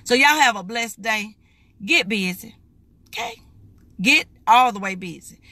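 A raspy middle-aged woman preaches to her live viewers in a folksy, emphatic way. Her voice sits fairly high and has a sharp, forceful edge. It is recorded close and dry, with no room sound. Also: animated, unhurried, no echo. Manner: emphatic, folksy preaching, calls listeners baby. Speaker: lay preacher streaming live. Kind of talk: live-streamed morning devotional.

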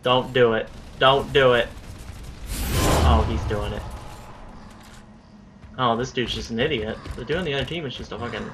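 A man's voice: medium pitch, moderate pace, long pauses. A young man giving live gameplay commentary, swearing and ranting when things go wrong. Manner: profane, easily riled, ranting. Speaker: gaming commentator. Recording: loud game noise behind voice. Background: gunfire and game sounds.

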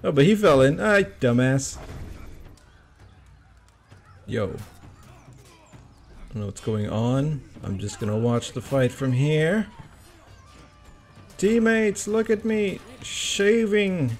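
A man talks over his own gameplay, swearing freely and yelping or groaning as things go wrong or right. His voice is gravelly, with pitch swinging widely and an unhurried pace. A faint hiss of noise sits behind him. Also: soft background music. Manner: swearing, excitable yelps and groans. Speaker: gamer commenting on his own play. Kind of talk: casual gameplay commentary.

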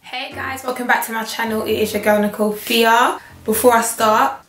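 Croaky-voiced woman vlogging. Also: a little high, steady tone, normal speed, a bit bright, soft background music. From England. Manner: chatty, joking, self-talk asides. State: croaky, hoarse voice. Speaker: hair vlogger. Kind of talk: casual chat while styling a wig. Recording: echoey room, faint noise.

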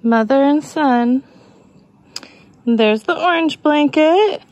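A woman chatting casually through a shop-with-me vlog, excitable and laughing often as she shows her thrift finds. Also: high-pitched, slow, no echo. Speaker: thrift reseller vlogger. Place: busy thrift outlet store, then at home.

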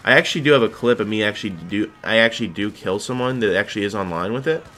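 A man's voice: on the low side, fast talker, bright, forceful tone, a little hiss or hum. A young man giving rambling, jokey commentary over his own gameplay footage. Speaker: gaming video host.

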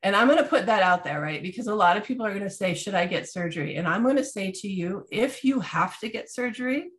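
A woman's voice: mid-range voice, fast. A woman in her thirties, a health podcast co-host, chatting casually and acting out the people in her story with shifts in voice. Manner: animated storyteller acting out quotes.

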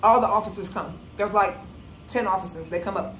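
A woman vlogger talks in a casual, emphatic way, pressing her points with indignation. Her voice sits at an ordinary middle pitch. It is recorded in an echoey room with a faint hum of ambience behind her. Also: a little fast, a bit bright. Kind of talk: casual commentary.

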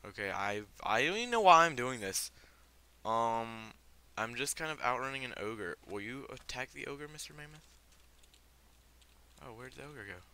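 A man's voice: medium pitch, expressive, moderate pace, pauses often, sharp tone. A young man giving casual, filler-heavy gameplay commentary, given to startled outbursts. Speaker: let's play gamer.

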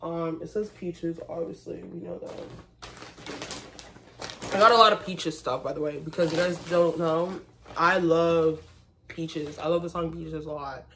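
Young woman vlogging, lowish voice, chatty, calls her viewers y'all. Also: a little slow, slight background noise. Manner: chatty, addresses viewers as y'all, excited bursts. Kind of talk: casual vlog chat.

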